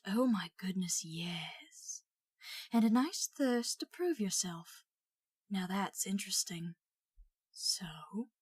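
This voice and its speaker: Woman voicing a hushed, thoughtful magic hat, slow murmur. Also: mid-range voice, breathy edge, no echo, studio quality. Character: small whispering magical sorting hat.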